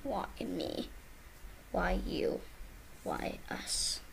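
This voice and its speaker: A woman's voice: on the low side, extremely slow, creaky, noisy background. A woman giving casual gameplay commentary as a video creator, playful and talking to herself, often dropping into a whisper.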